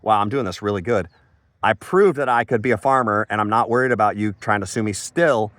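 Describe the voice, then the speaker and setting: A man's voice: on the low side, fairly quick, a bit bright, no room sound. A man giving a frustrated, rambling monologue on his farm, emphatic and casual, calling people "bro". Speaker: farmer vlogger. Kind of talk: casual ranting monologue to camera.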